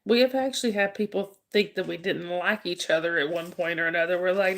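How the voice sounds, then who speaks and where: A woman's voice: fairly low pitch, steady tone, a little fast, a little hiss or hum. A woman hosting a casual live stream, greeting viewers and teasing them with frequent laughter.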